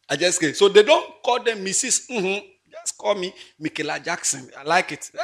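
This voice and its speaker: Animated man preaching with big swings. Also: high-pitched, moderate pace. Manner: animated and playful, laughing often, swings from loud exclamations to quiet asides. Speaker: pastor. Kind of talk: lively sermon.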